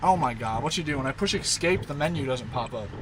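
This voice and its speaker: A man's voice: mid-range voice, animated, fast, noisy background. A man chatting casually on a live stream, rambling and talking baby talk to his dog.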